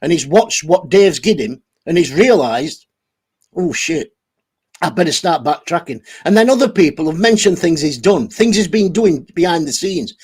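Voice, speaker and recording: Reading the live chat as channel host, a man rants angrily on a livestream, swearing heavily and clearly over-caffeinated. His voice is fairly high, with a darkish tone and a breathy edge.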